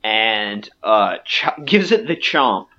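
Man game master, relaxed and loose, on a dull lo-fi mic. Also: on the low side, slow pace. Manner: relaxed, filler-heavy narration. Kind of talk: narrating a tabletop game.

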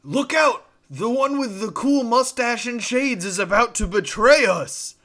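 A man voices a scheming male adventurer bellowing false alarms in a high, bright, urgent voice. The yelling is theatrical and loud. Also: lively intonation, a little slow, full character voice.

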